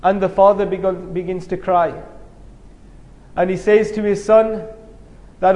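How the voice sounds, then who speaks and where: High-voiced preacher in an echoing hall. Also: male voice, level tone, measured pace, long pauses, a little mellow. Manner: storytelling with rising emphasis. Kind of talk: sermon. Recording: long hall reverb.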